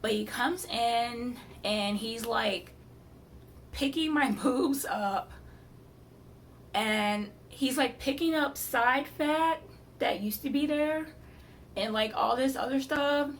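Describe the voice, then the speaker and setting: A woman with a gravelly, fry-edged voice tells a storytime vlog, exasperated and blunt, now and then swearing. She sits a little off the mic, and a faint hum of background noise runs under her voice. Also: a little high, takes it slowly, distant mic. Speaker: vlogger telling her surgery story.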